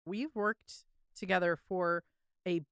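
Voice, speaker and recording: A woman co-hosting a podcast in casual chat, playful and animated as she tells stories. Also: fairly low pitch, slow pace, clean tone, no echo, clean studio sound. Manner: chatty and playful, animated when retelling stories. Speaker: podcast co-host.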